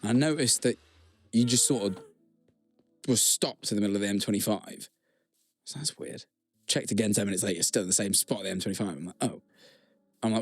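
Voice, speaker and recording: A man's voice: fairly low pitch, brisk, long pauses. A man co-hosting a podcast, chatting casually and teasing his friend. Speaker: podcast co-host. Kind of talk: casual chat.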